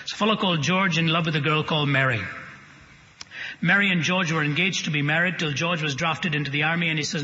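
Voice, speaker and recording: Bright, forceful preacher in a big hall. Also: male voice, fairly high pitch, fast talker. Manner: humorous, dramatic storyteller. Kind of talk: sermon storytelling. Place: large hall with audience. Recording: dull broadcast with long hall reverb.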